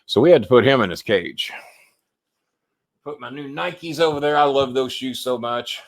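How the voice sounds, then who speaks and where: A man's voice: medium pitch, moderate pace, dry recording. A man hosting a casual live sports talk stream from home, chatty and rambling, swearing loosely.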